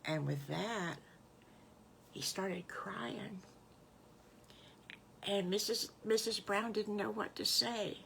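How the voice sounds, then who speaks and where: An older woman with a Southern US accent telling her own made-up story in a homey, folksy, unhurried way. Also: medium pitch, creaky, fairly bright tone, a little hiss or hum. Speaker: storyteller grandmother. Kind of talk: improvised bedtime storytelling.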